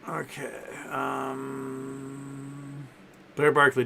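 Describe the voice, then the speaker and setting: A man's voice: medium pitch, normal speed, slight background noise. A man hosting a casual live stream, answering viewer questions in a rambling way, full of fillers and self-corrections. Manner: softens his voice to talk to his dogs.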